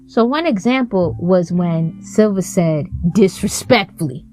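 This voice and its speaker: A woman's voice: mid-range voice, expressive, slow, a little mellow, soft background music. A woman hosting a casual commentary on a show, blunt, profane and heated as she talks. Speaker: host.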